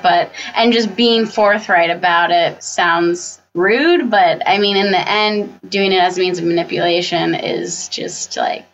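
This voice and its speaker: A woman's voice: lowish voice, animated, a little slow, creaky, few pauses. A young woman co-hosting a faith-based talk, reflecting thoughtfully with hesitant restarts. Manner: reflective, hesitant restarts, frequent affirming murmurs. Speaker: podcast co-host. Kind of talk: casual faith-based discussion. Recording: dull lo-fi sound with faint background hiss.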